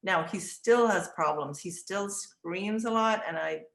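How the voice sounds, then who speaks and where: In an echoey room, an older early childhood educator unhurriedly shares classroom stories in a creaky voice, performing the dialogue in lively high voices.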